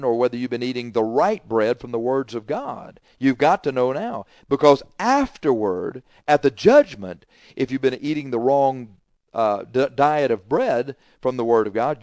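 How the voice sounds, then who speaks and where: A middle-aged male preacher delivers his sermon with emphatic, repetitive phrasing. He swings from forceful declarations down to quiet asides. His voice sits at an ordinary pitch, and the sound is dry and close. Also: no echo.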